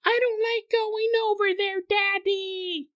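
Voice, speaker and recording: A man voicing a scared three-year-old girl who pleads in a small, high child's voice. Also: little pitch movement, takes it slowly, a bit bright, exaggerated voice. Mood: frightened.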